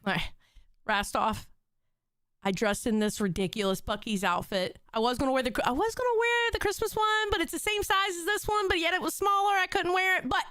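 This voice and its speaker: A woman's voice: very high voice, fairly quick, fairly bright tone, dry recording, studio quality. A woman co-hosting a live stream, talking casually and bluntly, with profanity and heartfelt pleading. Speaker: stream co-host.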